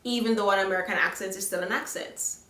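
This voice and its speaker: A woman's voice: medium pitch, steady tone, quick pace, pushed and bright. A young woman with a Jamaican accent gives frank, chatty advice to camera in a casual vlog, often checking in with "okay?". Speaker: vlogger. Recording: roomy echo, a little far from the mic.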